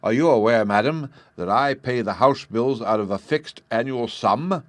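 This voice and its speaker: A man playing a blustering, growling official from a storybook, loud and a little raised in pitch. The voice is recorded close and dry. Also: expressive, normal speed, no room sound. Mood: angry. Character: blustering middle-aged official father, angry and sly.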